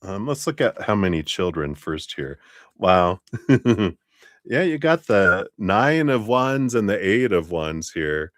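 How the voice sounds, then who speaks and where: A man's voice: on the low side, big pitch swings, slow, fairly bright tone, no echo, studio quality. A man hosting a live-stream tarot reading, chatty and laughing often as he talks to viewers by name. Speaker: tarot reader.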